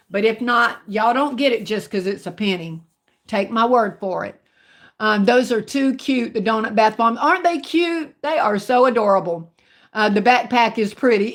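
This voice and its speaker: Southern woman livestreamer with a country twang, higher-pitched, talks to viewers like family. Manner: chatty, warm with viewers, calls them baby and honey. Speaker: livestream host. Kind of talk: casual live chat reading viewer comments.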